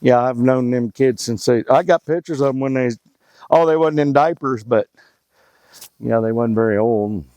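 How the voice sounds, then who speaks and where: A middle-aged man chatting outdoors, folksy and full of jokes, rambling from one story to the next. His voice sits at an ordinary pitch and sounds dry, close to the mic. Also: moderate pace, dark tone, dry recording, rough recording. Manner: folksy, joking, rambling Southern talk. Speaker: hunting club owner. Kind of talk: casual outdoor vlog talk. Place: outdoors by a river in the woods.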